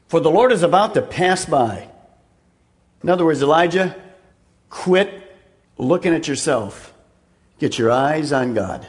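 A man preaching a sermon, swinging from loud, raised emphasis down to a hushed near-whisper and repeating words as he drives points home. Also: fairly high pitch, lively intonation, moderate pace, long pauses. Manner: repeats words and restarts mid-phrase. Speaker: pastor.

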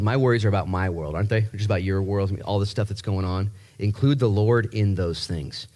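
A man preaching a sermon in a lively, joking way, repeating words and jumping up in pitch to stress a point. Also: fairly quick, hardly any pauses. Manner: animated, jokey, repeats himself, voice jumps high for emphasis. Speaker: pastor.

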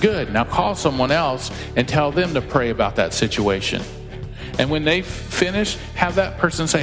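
A man's voice: mid-range voice, lively intonation, normal speed, music in the background. A man preaching a sermon as pastor, emphatic and conversational, acting out quoted voices as he teaches. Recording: long hall reverb.

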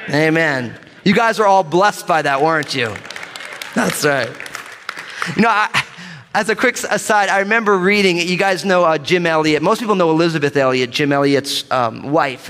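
A male pastor delivers a sermon to his church, lively and playful and calling out for amens. His voice sits a little high. A long reverb from the large church hall trails behind his words. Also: brisk. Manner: lively, joking, calls for amens. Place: church sanctuary with live congregation.

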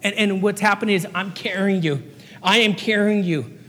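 Brief: male preacher and chaplain, high-pitched, earnest repeating delivery, recorded in an echoing church hall. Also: steady tone, normal speed, fairly bright tone, slight background noise. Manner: earnest, repetitive, acts out little voices for illustration. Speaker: pastor and fire chaplain. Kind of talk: sermon. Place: church sanctuary. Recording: long hall reverb.

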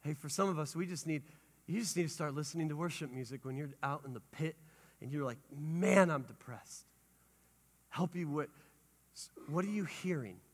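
A male pastor preaching a sermon with lively energy, rising to shouts and dropping to hushed tones. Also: on the high side, normal speed. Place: church sanctuary. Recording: long hall reverb.

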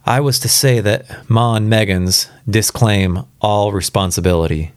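A restrained, uneasy messenger in a spoken story, formal and quiet in a low, deep voice, as a man reading aloud puts him on. The sound is dry and close. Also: unhurried, clear, resonant tone, dry recording, close to an everyday voice. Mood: somber.

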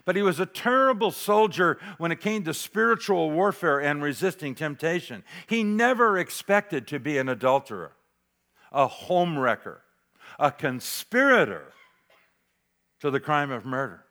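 Male pastor, sermon delivery, higher-pitched voice, dramatic dynamics from whisper-soft to emphatic. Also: animated, moderate pace. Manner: dramatic, varies loudness, drops to near whisper for emphasis.

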